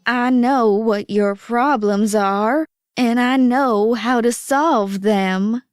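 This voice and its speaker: A woman voicing a mysterious old woman who offers a magic pen, speaking slowly in a hushed, knowing way. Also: on the high side, clean tone, dry recording, clean studio sound. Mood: cryptic. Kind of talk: animated storytime voice acting.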